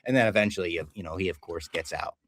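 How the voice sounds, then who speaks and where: A man's voice: deep voice, fast talker, fairly bright tone, dry recording. Man, podcast co-host, enthusiastic, laughs often, casual swearing, dry sound. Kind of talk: casual pop-culture recap chat.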